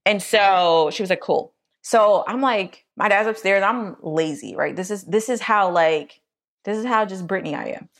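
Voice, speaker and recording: A young adult woman co-hosting a podcast, telling a personal story in casual chat and acting out quoted voices. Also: normal speed. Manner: animated, acts out quotes in a high voice. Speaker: podcast co-host.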